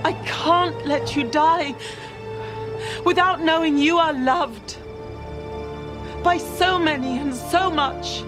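A fierce, devoted woman whose high, impassioned voice cuts through the scene. Her lines come with urgent force, and a loud, dramatic score plays behind her. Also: takes it slowly, pauses often. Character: fierce devoted woman refusing to let her love die. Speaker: actor in a TV drama clip. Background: dramatic music score.

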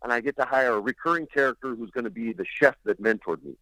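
A man, a guest on a show, telling a story in an animated, rambling way and laughing as he goes. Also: mid-range voice, quick pace, no room sound, rough recording. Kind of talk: casual storytelling.

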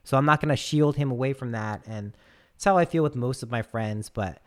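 A man in his thirties from the United States, a podcast host telling stories in casual chat, animated and full of swearing. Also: medium pitch, brisk. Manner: profane, animated storyteller.

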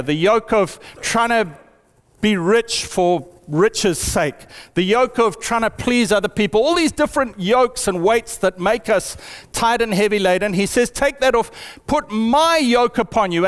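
A man preaching a sermon in an earnest way, slowing down to stress key phrases. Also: long reverb tail. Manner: earnest, with lots of pitch swings and slowed emphasis.

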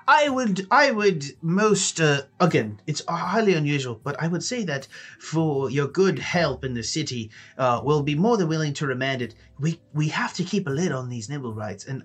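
A man's voice: mid-range voice, fairly bright tone, breathy edge. A man voicing a pompous, fussy male guard officer who stammers, fawns, and rolls his consonants. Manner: stammering, overly deferential, rolled consonants.

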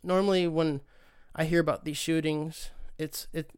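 A man's voice: on the high side, flat delivery, normal speed, clean tone. A man hosting a podcast alone, rambling through a casual rant with lots of profanity and sarcasm. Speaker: podcast host.

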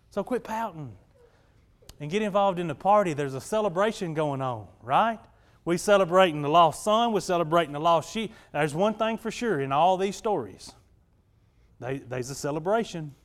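Preacher guy, pretty high voice, casual folksy sermon, keeps asking the crowd stuff. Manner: folksy, conversational, keeps asking the congregation "right?". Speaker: pastor.

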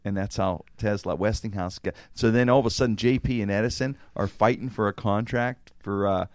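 A man's voice: fairly low pitch, fairly even intonation, a little fast, dry recording, studio quality. A man hosting a podcast, telling a long story in casual, profane chat and acting out the quotes. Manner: rambling, profane, acts out quotes. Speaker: podcast host.

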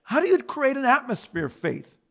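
A man preaching a sermon as pastor, swinging from loud emphatic repetition to quiet dramatic storytelling. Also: extremely high pitch, very animated, brisk, gravelly.

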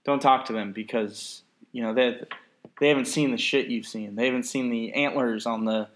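A man's voice: mid-range voice, steady tone, normal speed, slight background noise. Sarcastic man ranting casually. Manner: ranting, sarcastic, swears freely. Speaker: podcast co-host. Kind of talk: casual chat.

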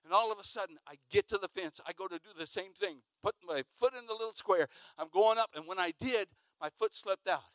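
A high-voiced, bright man preaching in an animated storytelling way. He acts out sounds and breaks into shouts mid-story. The recording is dry and close. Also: a little fast, few pauses, dry recording. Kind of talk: sermon storytelling.

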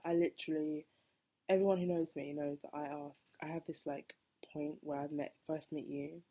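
Woman, 20s, solo podcast host; husky, dark voice, rambling and self-correcting. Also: sits low. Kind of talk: casual solo podcast monologue.

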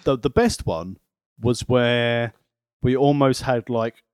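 A man's voice: medium pitch, takes it slowly, clean tone, no echo. A man co-hosting a podcast in casual comedic chat, dry and mocking. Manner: dry, mocking, quotes people in silly voices. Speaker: podcast co-host.

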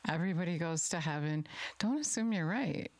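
A woman's voice: fairly low pitch, expressive, fairly quick, dry recording. A middle-aged woman preaching an earnest sermon and reading scripture aloud, repeating words for emphasis.

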